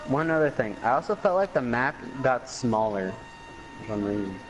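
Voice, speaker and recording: A man's voice: mid-range voice, very animated, normal speed, low-quality recording. A man chatting casually in a game review, rambling and joking, often repeating his words. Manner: rambling, jokey, repeats words, mock drawl. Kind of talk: casual chat.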